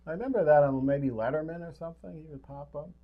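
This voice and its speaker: A man co-hosting a casual chat show, chatty and quick to chuckle. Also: fairly high pitch. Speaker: co-host. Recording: dull lo-fi sound.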